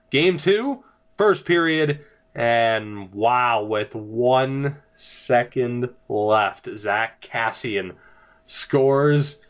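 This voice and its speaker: A young man commentating his own hockey video game, mostly deadpan and low-key, with sudden bursts of disbelief. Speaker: gaming commentator. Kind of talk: casual let's-play commentary. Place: home room early in the morning.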